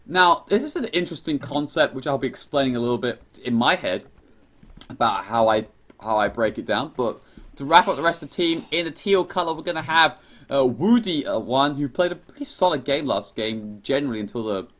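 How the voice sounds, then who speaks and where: A young man talks through a team strategy match in a loose, rambling way. He keeps correcting himself as he goes, and his voice rises and falls a lot in pitch. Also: expressive, brisk, fairly bright tone. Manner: rambling, chatty, self-correcting. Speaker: game commentator. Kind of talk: casual live game commentary.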